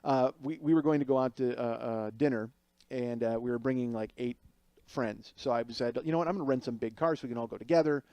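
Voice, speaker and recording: A man's voice: medium pitch, quick pace, dark tone, no echo, muffled recording. A man hosting a podcast, riffing in a rambling, sarcastic comic monologue full of restarts and asides. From Chicago area. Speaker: podcast host. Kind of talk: casual comedic monologue.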